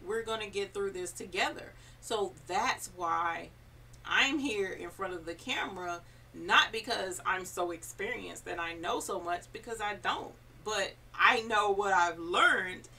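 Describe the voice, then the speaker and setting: Chatty woman live-streaming, bright voice. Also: on the low side, distant mic, slight background noise. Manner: reads viewer comments aloud, chatty and encouraging. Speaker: embroidery channel host. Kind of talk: casual live-stream chat.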